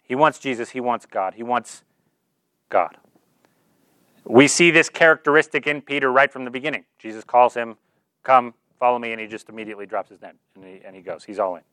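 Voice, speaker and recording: Smooth-voiced casual male preacher. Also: medium pitch, brisk, a bit bright, no echo. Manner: earnest, informal, filler-heavy with "like". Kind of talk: conversational sermon.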